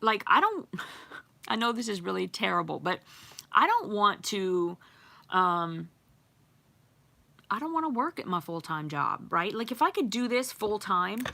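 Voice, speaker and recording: Chatting loosely with her livestream viewers, this middle-aged host reads comments, drops frequent ums and giggles now and then. Her mid-range voice swings widely in pitch, with vocal fry, a pushed, bright quality, a slightly slow pace and many pauses.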